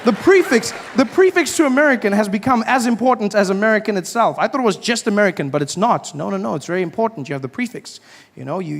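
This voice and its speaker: South African comedian in a reverberant hall. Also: male voice, a little high. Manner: animated, playful, switches into voices of people in the story. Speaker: stand-up comedian. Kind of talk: stand-up storytelling. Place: large venue with a live audience.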